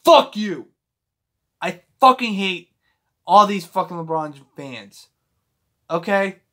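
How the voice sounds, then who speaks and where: A man's voice: sits high, takes it slowly, bright, forceful tone. A man ranting as a sports fan vlogger, agitated and heavy on swearing, often restarting his sentences when heated. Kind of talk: casual rant to camera.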